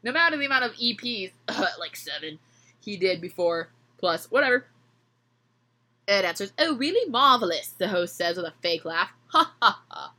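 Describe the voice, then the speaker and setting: A young woman hosts a podcast where she reads fan fiction aloud, stopping to joke and laugh in a comedic reading-and-chat format. Her medium-pitched voice is bright and forceful, swinging widely in pitch at a moderate pace.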